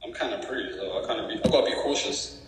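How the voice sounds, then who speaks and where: A man's voice: on the low side, very fast, reverberant, a little hiss or hum, poor audio. A young man with a London accent chatting on a livestream from outside his house at night, laid-back and a bit defensive. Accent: London English. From London, England. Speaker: livestream guest. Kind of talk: casual livestream chat.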